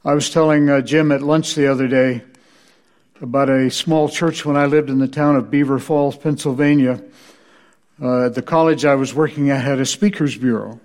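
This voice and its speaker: A man's voice: mid-range voice, steady tone, moderate pace, a little mellow. A male preacher giving a church history lecture, telling anecdotes with dry humor. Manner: dry, wry storytelling.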